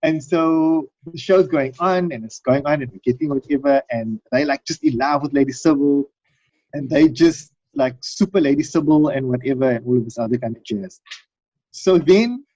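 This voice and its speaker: A middle-aged man, a podcast guest, telling rambling, animated stories in casual chat, full of fillers and tag questions. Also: a little high, moderate pace, highs cut off.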